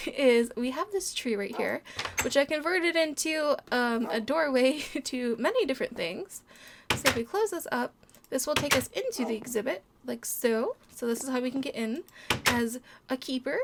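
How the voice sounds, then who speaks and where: Woman, high voice, let's play host, casual gameplay commentary, bubbly, giggly, cooing. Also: expressive, moderate pace, background noise.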